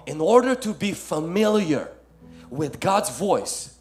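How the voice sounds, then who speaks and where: A male pastor preaching a sermon, swinging from loud emphatic lines to soft ones and calling listeners "my friend". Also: high voice, very animated, slow pace, soft background music.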